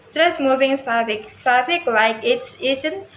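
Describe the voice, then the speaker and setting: High-pitched woman reading slow, lots of restarts, echoey room, a bit of noise behind. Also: a bit bright. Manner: slow careful reading with frequent stumbles and restarts. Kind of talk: reading a lesson text aloud.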